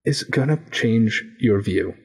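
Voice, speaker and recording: A man's voice: on the low side, unhurried, gravelly, slightly rough. A man speaking as a podcast guest, a coach who muses reflectively and restarts his sentences as he searches for words. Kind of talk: casual podcast conversation.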